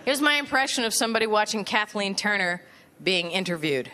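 A woman's voice: mid-range voice, lively intonation, fairly quick. A woman comedian doing a self-deprecating, sardonic stand-up set on stage at a music venue. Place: large music venue before a live audience. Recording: live stage recording with loud crowd laughter and noise. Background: audience laughter and applause.

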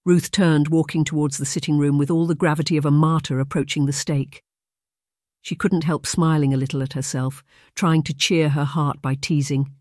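A man narrating a period romance audiobook in a measured storytelling manner on a close microphone. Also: on the high side, fairly even intonation, darkish tone, dry recording. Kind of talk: scripted narration.

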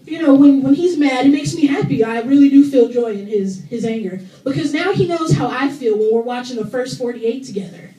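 A woman's voice: high-pitched, fairly quick, few pauses, mellow. A woman performing a stand-up comedy set in a comedy club, loose and profane, laughing through her jokes. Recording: roomy club recording from far off with crowd. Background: audience laughing.

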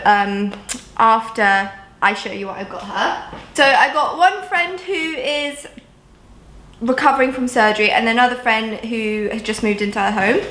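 A young vlogger from Jersey talks casually to camera from inside her home, leaning heavily on "like" and "um." Her voice is high-ish, bright and forceful. The recording echoes around the room and carries a faint hiss or hum.

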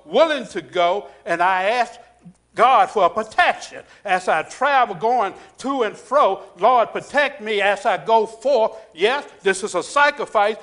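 A man preaches to his congregation in a fairly high voice. He calls out for responses and repeats key words, sometimes sinking to a hushed, earnest tone. It is a church sermon ending with an altar call. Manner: drops to a hushed intense voice in prayer. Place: church sanctuary.

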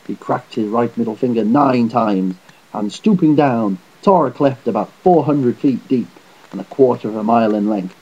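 A man reading a fairy tale aloud in a measured, slightly unpolished delivery. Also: fairly low pitch, mellow, husky. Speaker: storyteller. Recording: dull lo-fi home recording.

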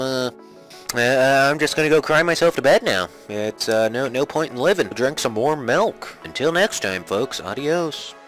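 Excitable young man doing game commentary. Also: medium pitch, rough recording. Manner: mock-polite family-friendly showman, excitable, yelps and shouts in panic. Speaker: gaming commentator. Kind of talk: Minecraft PvP let's play commentary.

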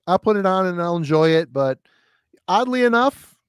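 A man hosting a casual podcast chat, easygoing and laughing often as he gives measured opinions. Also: high-pitched, expressive, smooth, no echo, studio quality. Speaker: podcast host.

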